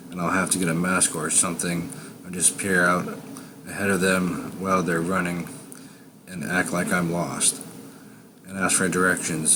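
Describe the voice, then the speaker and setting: Deep-voiced man telling a creepy story. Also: noisy background. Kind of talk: first-person scary story narration.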